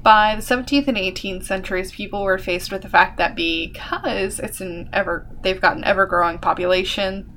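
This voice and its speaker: Young woman, co-host, loose casual storyteller with lots of fillers, mid-range pitch. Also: steady tone, moderate pace, hardly any pauses, fairly bright tone, a little hiss or hum. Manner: chatty, full of fillers and swearing. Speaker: podcast co-host telling a history story. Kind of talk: casual chat.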